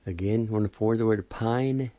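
A man giving a vocabulary lesson, spelling each word letter by letter and repeating the pronunciation slowly and carefully. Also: fairly low pitch, mellow, dry recording. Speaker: language teacher. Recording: dull lo-fi recording.

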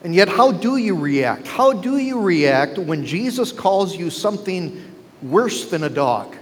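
A man's voice: high voice, very animated, a little slow, slight background noise. A male pastor preaching a sermon, driving his points home with rhetorical questions to the congregation. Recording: long reverb with faint ambience.

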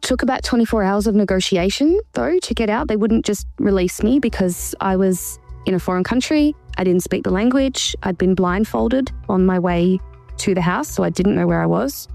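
A woman's voice: medium pitch, normal speed, creaky, a little mellow, dry recording, soft background music. A woman recounting a personal ordeal in an interview, earnest and reflective. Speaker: interview guest.

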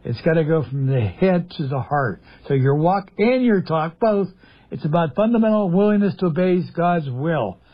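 A man's voice: on the high side, animated, normal speed, lo-fi sound. A man preaching a radio sermon, emphatic, asking the audience questions and answering them himself. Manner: emphatic, asks and answers his own questions.

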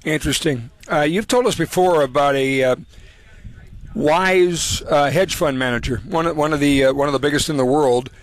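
A man hosting a show, asking a guest questions in a halting, hesitant way. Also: fairly high pitch, no echo. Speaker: show host. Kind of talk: interviewing a guest.

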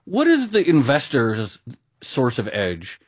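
A man's voice: mid-range voice, huge pitch swings, slow pace, husky, no echo, studio quality. A man co-hosting a podcast, asking questions in loose, searching phrasing. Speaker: podcast co-host. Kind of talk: interview questions.

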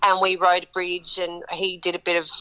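Bright, animated woman storyteller. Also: fairly low pitch, moderate pace, clean tone, low-quality recording. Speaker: singer-songwriter guest. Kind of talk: storytelling interview.

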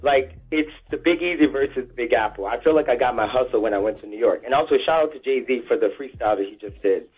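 An earnest caller talks quickly, rushing from one point to the next. His voice is slightly husky and comes through a thin, tinny phone line. He sounds eager to be heard. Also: medium pitch. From New Orleans, USA. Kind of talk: call-in radio chat.

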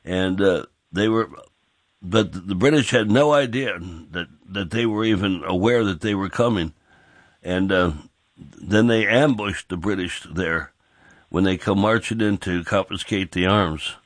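Low-pitched guy hosting radio talk, folksy and rambly, dry close sound. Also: measured pace, no room sound. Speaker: radio show host.

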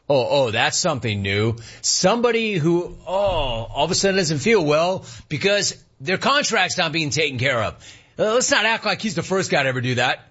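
A male sports radio host tears into his callers with mocking, amused rants full of rhetorical questions. His voice sits a little high for a man. The broadcast sound is dull and lo-fi. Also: sharp tone. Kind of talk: sports talk radio monologue.

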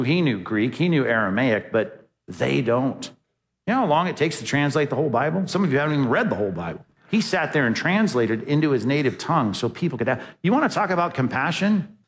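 A man's voice: medium pitch, sing-song, fairly quick, big-room sound. Preaching man with a conversational style. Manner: conversational preaching, rhetorical questions, emphatic. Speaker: pastor. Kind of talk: sermon.

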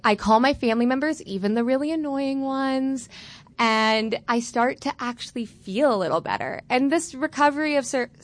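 A young woman from Florida in her twenties shares a personal story live. She talks candidly and with dry self-mockery, her voice pitched slightly high. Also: fairly bright tone. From Florida, USA. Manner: candid, wry, self-mocking.

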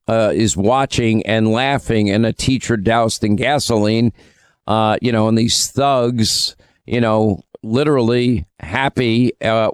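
Smooth-voiced male talk radio host. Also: fairly low pitch, no echo. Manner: emphatic, opinionated delivery.

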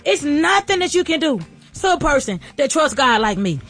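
A woman giving an emotional, preachy motivational talk, teary and repeating herself as she builds to shouts. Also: high-pitched, big pitch swings, normal speed, faint music behind. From Atlanta area. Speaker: restaurant owner.

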